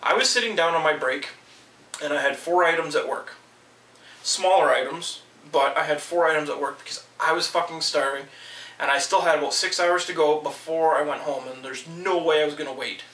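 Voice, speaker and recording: Guy ranting mad and cursing a lot, kinda high voice, far from the mic in an echoey room. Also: a little fast, bright, forceful tone. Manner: heated, swearing, quotes people in raised voices. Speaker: vlogger. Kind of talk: angry personal rant.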